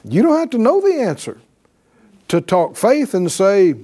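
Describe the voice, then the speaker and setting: A man preaches with a high, swooping voice. He takes his time and his tone stays warm and mellow. He often checks in with his listeners and acts out the words of believers. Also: a little slow. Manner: animated, calls for responses with "right?". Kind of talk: sermon.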